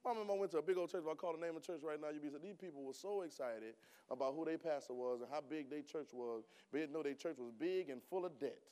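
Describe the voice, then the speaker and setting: In a church, a man preaches a sermon in a slightly high voice at a fast pace. He talks casually to the congregation and fires off rhetorical questions before rising into loud, emphatic bursts.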